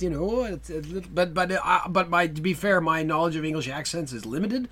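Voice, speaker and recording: A man's voice: high voice, normal speed, hardly any pauses, sharp tone. A man co-hosting a podcast, chatting casually, rambling and laughing often. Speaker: podcast co-host. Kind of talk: casual chat.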